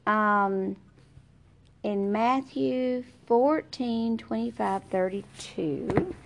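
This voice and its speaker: A woman's voice: fairly high pitch, gravelly, noisy background. A middle-aged woman teaching an informal Bible study, talking conversationally, searching aloud for verses and reading scripture aloud.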